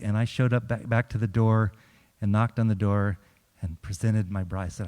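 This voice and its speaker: A middle-aged chaplain tells humorous stories to a congregation in a large church hall, his lowish voice clean-toned and a little slow. He's a lively storyteller who acts out quotes and laughs often. Long hall reverb trails his words.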